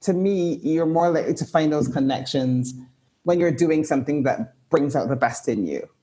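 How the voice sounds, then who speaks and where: A woman's voice: low-pitched, animated, normal speed, mellow. A woman, an author and writing coach, giving reflective advice as a podcast guest, with a lot of "like" and "you know". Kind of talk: casual conversational interview.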